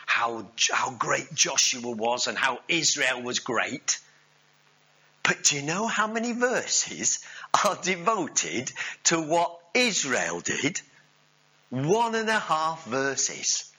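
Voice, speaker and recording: A male preacher, giving a sermon with animated storytelling and jokes with the congregation. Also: mid-range voice, takes it slowly, husky, poor audio.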